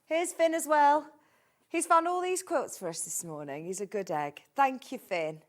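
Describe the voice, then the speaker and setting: A woman's voice: mid-range voice, very animated, moderate pace, a bit bright. A woman presenting a live shopping show, chatty and gushing as she reads out viewer messages. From England. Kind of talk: live sales chat. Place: TV studio.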